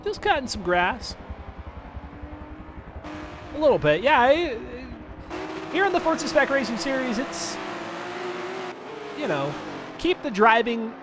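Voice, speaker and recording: A man's voice: very high-pitched, very animated, slow, long pauses, music in the background. A man commentating a live sim racing stream as host, chatty and rambling, talking to his chat viewers between calls of the race.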